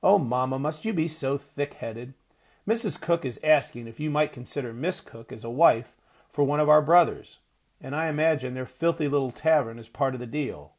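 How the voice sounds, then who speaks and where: A man voicing a spoiled, snobbish teenage girl who taunts and sneers loudly. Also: medium pitch, lively intonation, normal speed, hardly any pauses, natural voice. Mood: scornful.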